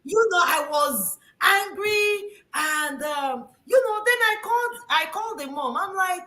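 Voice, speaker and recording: A woman from Nigeria telling a personal story in casual chat, expressive and animated with frequent restarts. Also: extremely high pitch, measured pace, hardly any pauses. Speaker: host. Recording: echoey room.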